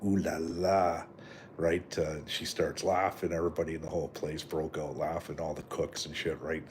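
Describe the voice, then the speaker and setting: Rumbling low and level in tone, a middle-aged Canadian live-stream host talks fairly fast over a slight hiss or hum. His chat wanders, swears freely, and leans on fillers and "right?"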